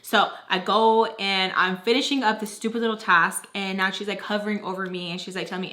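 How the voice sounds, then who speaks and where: Bright-voiced young woman telling a story. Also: mid-range voice, fairly quick, few pauses. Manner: animated, acts out quoted dialogue; casual slang and swearing. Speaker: vlogger. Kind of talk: storytime narration.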